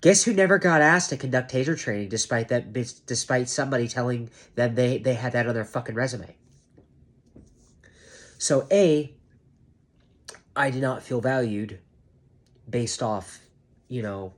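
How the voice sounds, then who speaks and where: A security guard rants into his camera at normal speed, with long pauses, sounding half awake. He swears on purpose for emphasis and often mocks his managers by mimicking them in a high voice.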